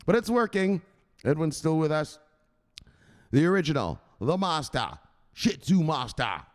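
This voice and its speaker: A man hosting a casual stream, loose and profane, tossing out shoutouts to viewers between laughs. His fairly high voice swings widely in pitch and carries a long room echo. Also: very animated, a little slow. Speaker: host.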